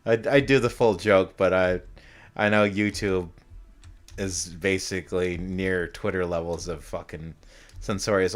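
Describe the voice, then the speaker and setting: A man's voice: deep voice, steady tone, unhurried. A man casually commenting while playing a game, rambling, swearing and amusing himself with his own jokes. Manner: rambling, profane, self-amused. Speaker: game streamer.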